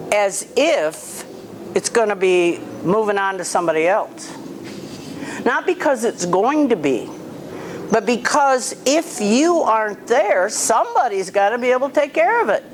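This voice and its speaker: A woman's voice: a little high, sing-song, measured pace, a little hiss or hum. A woman dog trainer coaching an owner in a hands-on session, blunt and firm, snapping commands at the dog.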